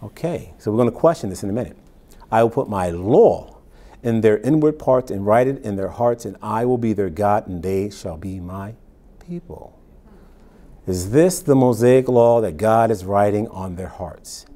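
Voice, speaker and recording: A man preaching a Bible-teaching sermon as pastor, reading verses slowly and then explaining them in plain, conversational asides. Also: fairly low pitch, warm tone.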